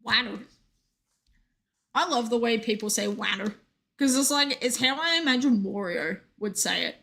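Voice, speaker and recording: Young woman game streamer, higher and bright, chatty and jokey, reacting to chat. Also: animated, normal speed, vocal fry. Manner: chatty, reads chat aloud, joking asides. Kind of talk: casual live-stream chat.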